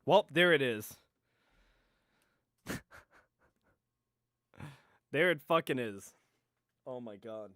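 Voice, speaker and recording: A man's voice: mid-range voice, expressive, drawn-out words, long pauses, fairly bright tone, no echo, studio quality. A tired man chatting and swearing casually while live streaming late at night. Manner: profane, exasperated, rambling.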